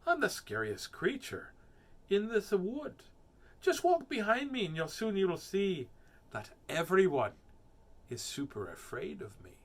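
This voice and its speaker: A cocky little mouse chirps and brags in a high, excited squeak, as a man reads the storybook aloud. It swoops up and down as it boasts, sounding far too sure of itself for its size. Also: measured pace, heavily acted. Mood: boastful. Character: small clever boastful mouse.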